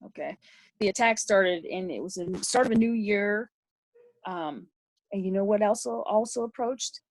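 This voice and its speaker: A woman's voice: medium pitch, moderate pace, dry recording. A middle-aged woman, a podcast guest, telling a personal story in a rambling way with many restarts.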